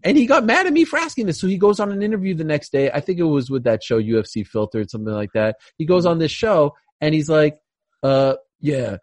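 A man's voice: a little high, fairly quick, no echo. A man hosting a casual sports talk show, getting worked up as he tells stories and reading sponsor spots with mock seriousness. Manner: animated, gets worked up, reads ads with mock gravity. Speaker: podcast host. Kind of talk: casual sports chat with ad read.

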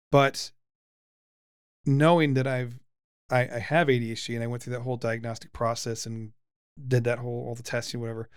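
A middle-pitched man in his forties talks in a relaxed podcast chat. He is lively and teasing, with plenty of stops and restarts. The sound is dry and close to the mic. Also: clean tone, dry recording. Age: 40s. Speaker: podcast host, father. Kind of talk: casual conversational podcast.

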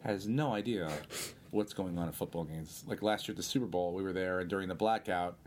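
A male comedian telling rambling, animated anecdotes in a casual interview. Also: sits low, brisk. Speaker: comedian guest.

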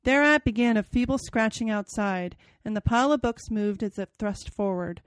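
A woman with a fairly high voice hosts a podcast, moving between easy chat and an expressive, dramatic reading. The sound is close and dry, with no room echo. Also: moderate pace, smooth. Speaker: podcast host. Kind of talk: casual chat and reading aloud.

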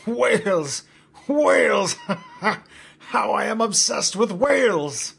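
A man voicing a giddy old sea captain who is obsessed with whales, shouting with glee. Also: fairly high pitch, steady tone, moderate pace, gravelly, slightly rough, heavily acted. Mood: gleeful. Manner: loud, gleeful shouting.

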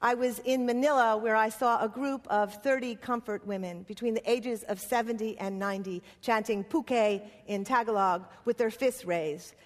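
A woman's voice: on the high side, moderate pace, hardly any pauses. A woman playwright and activist giving a conference speech in impassioned, rhythmic lists. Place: conference hall. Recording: long hall reverb.

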